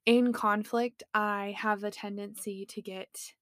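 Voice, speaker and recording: A woman co-hosting a podcast who speaks in a measured, logical and reflective way. Her voice has a middle pitch. The recording is dry and close to the mic. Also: steady tone, fairly bright tone, dry recording. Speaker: podcast co-host. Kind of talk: casual chat.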